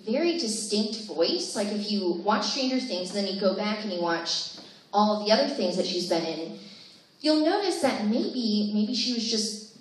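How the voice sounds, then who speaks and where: A woman's voice: medium pitch, animated, normal speed. A young woman in her twenties doing a chatty, self-deprecating stand-up set full of fillers at a live comedy show. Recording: echoey room, distant mic, faint noise.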